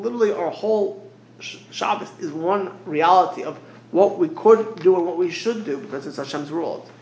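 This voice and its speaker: A man's voice: fairly high pitch, a bit bright, roomy sound, poor audio. A man teaching as a rabbi in a Torah lecture, mixing Hebrew phrases into English and often repeating words as he searches for the next one.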